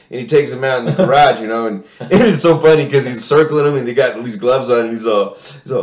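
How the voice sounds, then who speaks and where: A man's voice: mid-range voice, fast, hardly any pauses. A man co-hosting a casual chat, telling a story with lots of laughter and acting out the characters' lines. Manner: laughing storyteller, acts out voices. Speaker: podcast co-host. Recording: echoey room.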